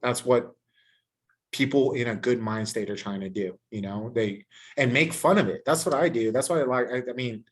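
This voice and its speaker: Man, podcast host, casual profane rant, mid-pitched voice, animated and emphatic. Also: normal speed. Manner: heavily profane, ranting and animated. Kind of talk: casual chat.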